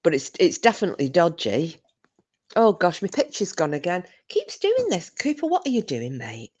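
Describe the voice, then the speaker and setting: A woman's voice: on the low side, huge pitch swings, normal speed, darkish tone, husky. A British woman chatting casually on a livestream, reading comments and telling a rambling story full of restarts. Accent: British English. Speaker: livestream host. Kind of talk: casual live chat reading viewer comments.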